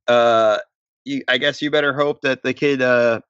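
Brief: male podcast co-host, easygoing and halting, muffled lo-fi dry sound. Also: mid-range voice, smooth, no echo. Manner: relaxed, hesitant, drawn-out phrasing. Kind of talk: casual sports podcast chat.

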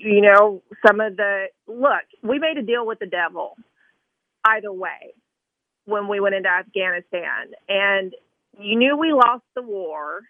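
A woman's voice: mid-range voice, no echo. Tennessee woman correspondent on a tinny phone line, earnest, lots of uhs. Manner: earnest, many fillers. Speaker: political correspondent guest. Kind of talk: remote radio interview.

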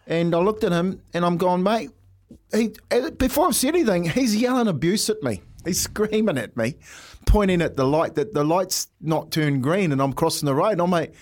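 A man's voice: on the high side, moderate pace. A man with a New Zealand accent, co-hosting a breakfast radio show and telling stories in a casual chat. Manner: animated, laughs through stories. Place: radio studio.

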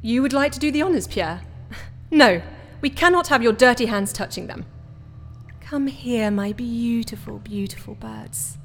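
A cruel, gloating chef. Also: female voice, on the high side, sing-song, normal speed, fairly bright tone, in a large hall, slight background noise. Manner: silky, menacing, relishing threats. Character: cruel, doting female chef who caged songbirds.

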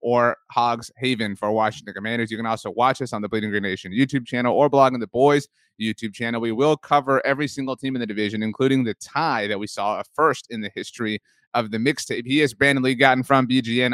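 A man's voice: medium pitch, fairly even intonation, quick pace, a bit bright, no room sound, studio quality. Upbeat rambling male podcast host. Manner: upbeat, joking, rambling with restarts. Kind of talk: casual sports chat.

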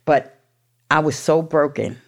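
A woman's voice: rumbling low, moderate pace. A middle-aged woman from New York, a guest telling her own story in a blunt, swearing, streetwise way. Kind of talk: candid storytelling.

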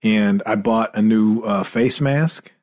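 A man co-hosting a podcast who teases with quick questions and rambles through his own stories, often restarting his sentences. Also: fairly low pitch, darkish tone. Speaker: podcast co-host. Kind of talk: casual chat.

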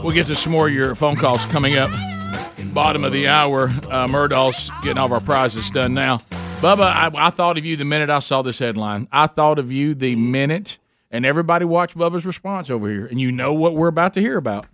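A man's voice: fairly high pitch, fairly quick, fairly bright tone, no room sound, soft background music. A man hosting a morning radio show, joking and rambling, stumbling over hard words. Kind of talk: casual morning radio banter.

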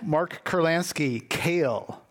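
A man hosting a radio panel discussion, running a quick quiz with his guests in a brisk, upbeat way. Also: a little high. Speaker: radio show host.

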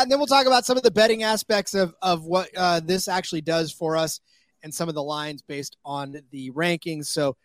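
High-voiced chatty man hosting a podcast. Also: fairly bright tone, no echo. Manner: chatty, jokey, many fillers. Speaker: podcast host. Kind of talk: casual sports betting chat.

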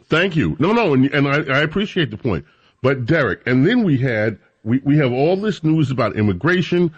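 A man's voice: medium pitch, big pitch swings, breathy edge, dull audio. Chatty male radio talk host. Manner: chatty, rambling, drawn-out emphasis. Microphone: studio microphone.

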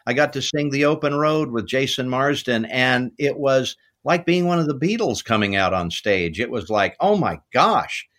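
A middle-aged man, a voice actor as an interview guest, telling relaxed, unhurried anecdotes about his work. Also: mid-range voice. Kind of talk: interview storytelling.

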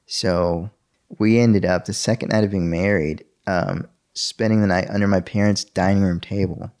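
A man's voice: low voice, fairly even intonation, normal speed, darkish tone. A young man telling a personal faith story in an interview, earnest and full of fillers and restarts.

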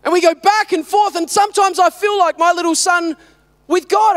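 A man's voice: very high voice, steady tone, moderate pace, a bit bright. A man in his thirties, a father, preaching a sermon with emphatic rhetorical questions.

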